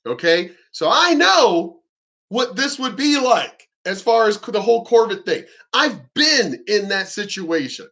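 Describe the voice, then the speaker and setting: Man, ranting vlog, high bright voice, indignant, swears a lot, repeats himself. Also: very animated, a little slow. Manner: emphatic, indignant, frequently swearing; repeats himself and restarts sentences. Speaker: vlogger. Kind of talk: ranting monologue to camera.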